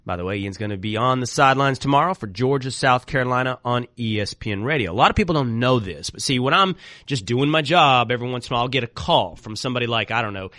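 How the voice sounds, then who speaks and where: A man hosting a sports talk radio show, animated and joking with quick asides. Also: medium pitch, no echo, studio quality.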